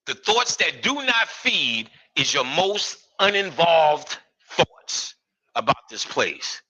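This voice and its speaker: A man's voice: a little high, sing-song, slow, pushed and bright, low-quality recording. A man giving a live lecture, profane and streetwise, full of joking asides.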